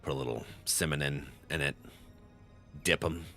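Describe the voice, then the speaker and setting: Gravelly, excitable young male streamer. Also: a bass voice, normal speed, soft background music. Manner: excitable and jokey, laughing often, reading chat aloud. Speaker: game streamer. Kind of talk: casual live-stream chat. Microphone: close desk microphone.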